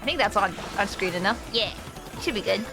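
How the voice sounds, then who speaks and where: A woman's voice: medium pitch, a little fast. A young woman streaming a game, chatting with her viewers, emotional and teary, laughing often. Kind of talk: casual live game stream chat. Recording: music playing behind the voice.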